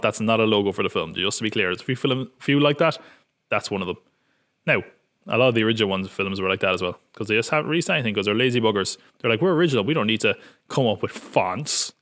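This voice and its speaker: A man's voice: medium pitch, a bit bright. Wry male podcast host. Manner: wry, self-mocking, joking. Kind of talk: casual film preview chat.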